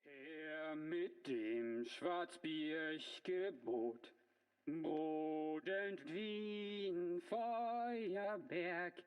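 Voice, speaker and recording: A male voice actor singing a slow old folk song as a relaxed gentleman in a game. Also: on the high side, clean tone. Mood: sung.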